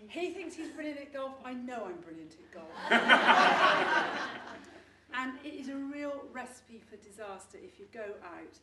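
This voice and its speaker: A woman's voice: high-pitched, animated, a little slow, reverberant, recorded from a distance, very noisy. A middle-aged woman telling a story in a chatty way, laughing and restarting her sentences. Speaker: testimonial speaker. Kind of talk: casual story-telling before an audience.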